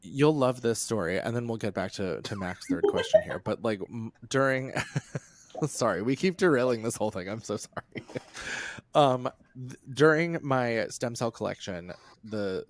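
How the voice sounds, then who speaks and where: A man's voice: medium pitch, lively intonation, normal speed, no room sound. A man as a podcast guest in casual chat, rambling, laughing often and swearing freely.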